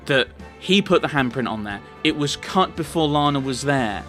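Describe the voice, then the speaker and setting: A man commentates a courtroom game, reading each character's lines aloud in his own voice and breaking off into exasperated rants. His pitch swings widely and sits a touch high for a man. Game music plays clearly behind him. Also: expressive, moderate pace, hardly any pauses, fairly bright tone. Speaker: let's player.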